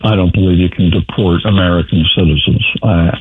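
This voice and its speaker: A man's voice: deep voice, fairly even intonation, brisk, slight background noise. A man giving blunt, wry political commentary on a talk radio show. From New York. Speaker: guest commentator. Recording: tinny phone line.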